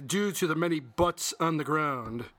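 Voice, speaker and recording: A man's voice: on the high side, moderate pace, heavy background noise. A man co-hosting a casual podcast, reading a story aloud with playful, laughing asides. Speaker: podcast co-host.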